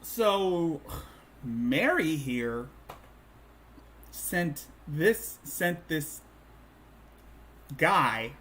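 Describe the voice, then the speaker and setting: A man's voice: a little high, expressive, drawn-out words, long pauses, a bit bright. A man hosting a commentary stream, talking in a sarcastic, mocking way with stumbling restarts. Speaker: streamer host.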